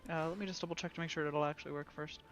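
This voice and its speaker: Male tabletop player with a high voice, playful and easygoing. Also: steady tone, rapid-fire, fairly bright tone, soft background music. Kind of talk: casual tabletop play.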